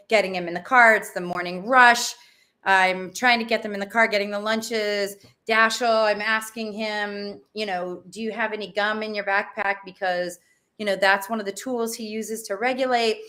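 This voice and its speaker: Middle-aged woman guest, animated storyteller, easy conversational delivery. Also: mid-range voice. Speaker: parenting guest. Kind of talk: casual interview.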